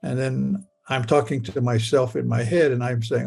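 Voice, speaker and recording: Older man, gravelly voice, stammering restarts, personal storytelling, soft music underneath. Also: mid-range voice, steady tone, normal speed, few pauses. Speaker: storyteller recounting a near-death experience.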